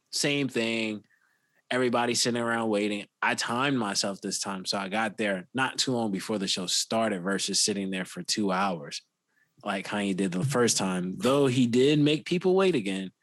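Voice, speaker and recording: A man's voice: lowish voice, a bit bright, no room sound. A man co-hosting a podcast, telling a long casual story full of "like" and restarts. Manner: rambling, filler-heavy with "like" and restarts. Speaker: podcast co-host.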